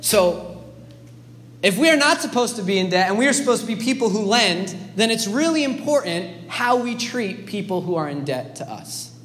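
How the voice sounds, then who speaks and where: A man's voice: sits high, sing-song, normal speed, fairly bright tone. A man preaching a sermon, earnest and emphatic, with hesitant restarts. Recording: long hall reverb, faint background noise.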